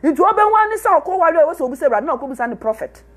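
A woman's voice: high-pitched, sing-song, very fast. A woman with a Ghanaian accent, preaching a sermon as a prophetess and repeating her points emphatically as she switches between Twi and English.

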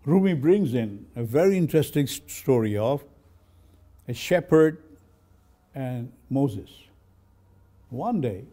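A man's voice: medium pitch, mellow. An older man, a professor, giving a university lecture on poetry, telling stories and reciting verse before translating it. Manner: storytelling, reciting Persian verse then translating.

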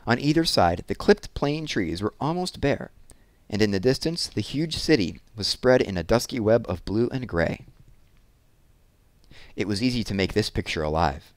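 A man narrating a children's novel in a measured, expressive storybook style. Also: fairly low pitch, dry recording. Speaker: audiobook narrator.

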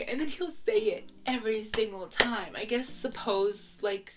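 A young woman rants about her day in a loose, chatty voice. She laughs often and slips into exaggerated, sarcastic comebacks. Soft music plays underneath. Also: medium pitch, a little slow, hardly any pauses. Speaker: vlogger. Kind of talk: casual chatty rant to camera.

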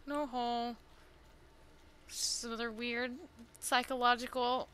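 A young woman streaming a game, reading its text aloud in a slow, plain way. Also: a little high, pushed and bright. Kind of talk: live-streamed playthrough reading.

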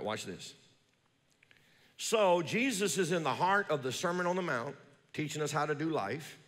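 A male pastor preaching a sermon, reading scripture slowly and calling on the congregation to read along, swinging between loud high emphasis and low quiet asides. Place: church sanctuary. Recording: long reverb of a large church.

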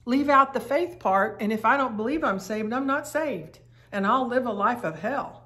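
A woman's voice: a little high, animated, moderate pace, bright, forceful tone. A woman teaching a daily Bible study in an earnest, emphatic way, often repeating her phrases. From United States.

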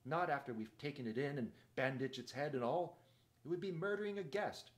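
A man's voice: mid-range voice, a little fast, lightly acted. A man voicing a good-hearted, blustering red-haired male dwarf who speaks in indignant exclamations.

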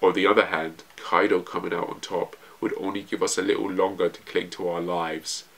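A man voicing a grim male gang boss who faces death, speaking slowly and gravely in a hushed voice. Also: deep voice, little pitch movement, pitched below the performer's own voice.

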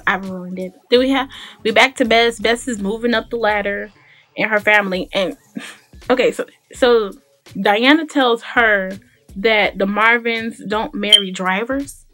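A woman's voice: mid-range voice, pushed and bright. Chatty, opinionated woman recapping a show. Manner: chatty, opinionated, laughs often, fillers and restarts. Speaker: gaming YouTuber recapping a TV episode. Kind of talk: casual commentary voice-over.

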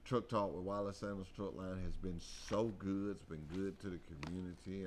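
A man hosting a local radio talk show, folksy and excitable, often repeating himself. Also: low-pitched, normal speed, few pauses, a little hiss or hum.

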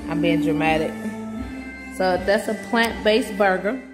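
A woman's voice: on the low side, measured pace. Woman vlogger, chatty, laughs a lot, phone mic outdoors, music bed underneath. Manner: chatty, laughs often, addresses viewers as y'all. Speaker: vlogger, mother. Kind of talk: casual vlog chat to camera. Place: outdoors and in a car, sunny day.

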